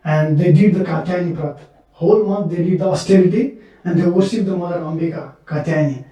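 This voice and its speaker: A man telling devotional stories in an earnest, repetitive sermon style. His voice is high but soft and mellow. He sounds distant, with heavy echo from a temple hall. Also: fairly quick, lo-fi sound. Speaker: preacher. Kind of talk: sermon storytelling. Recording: echoey temple hall, mic far off.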